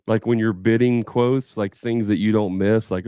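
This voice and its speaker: Low-voiced man coaching salespeople. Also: fairly even intonation, normal speed, few pauses, dark tone, smooth, dry recording, studio quality. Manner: casual, thinks aloud, role-plays customer dialogue. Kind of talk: live training session.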